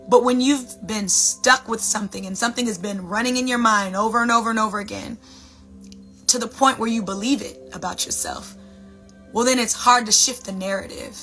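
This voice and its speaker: A woman talking as a sound healer, animated and preachy, giving a dramatic motivational spiritual talk. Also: on the high side, fairly quick, faint music behind.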